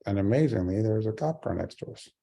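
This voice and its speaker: A man's voice: fairly low pitch, expressive, quick pace, creaky, dark tone, husky. A man in his forties giving a speech, telling a personal story with earnest humor. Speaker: keynote speaker.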